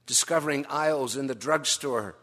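A man preaching a sermon, wry and storytelling, with gentle humour, dropping soft and low for emphasis. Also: normal speed.

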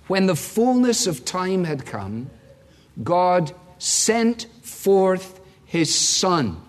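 A man preaching a sermon as pastor, emphatic and fond of repeating key phrases for effect. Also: on the high side. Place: large church sanctuary. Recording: long reverb of a large hall.

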